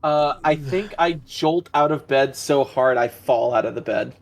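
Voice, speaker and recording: A man playing a tabletop game, chatting excitably. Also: unhurried, vocal fry. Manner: excitable, swings up in pitch. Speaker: player. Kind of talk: casual chat.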